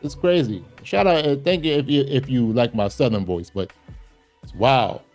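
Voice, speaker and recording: Male commentary host, lively swinging pitch, slangy and emphatic, casual reaction talk. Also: normal speed, soft background music.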